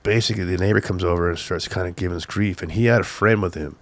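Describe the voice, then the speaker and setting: An older man from Southern California, a guest telling an excited, profane story, acting out the shouts of the people in it. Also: low voice, fast talker. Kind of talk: animated storytelling on a podcast.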